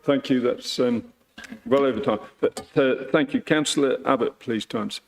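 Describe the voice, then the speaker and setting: A man chairs a formal council meeting in an ordinary mid-pitched voice. He calls on speakers politely and procedurally, often pausing with ums. Faint background noise sits under his voice. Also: creaky. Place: council chamber.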